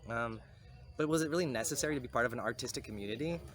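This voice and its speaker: A man's voice: medium pitch, very fast, a bit bright. A man with a cold, talking casually and rambling a bit as he walks outdoors to vlog. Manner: rambling, conversational, self-correcting. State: has a cold. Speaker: vlogger and community founder. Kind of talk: casual walking vlog talk. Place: outdoors walking through town to a river. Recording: clear outdoor street noise.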